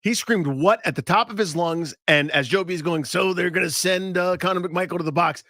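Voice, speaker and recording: A man's voice: sits high, brisk, bright, forceful tone, no room sound, studio quality. A man co-hosting sports talk radio, ranting in a heated, mock-dramatic way.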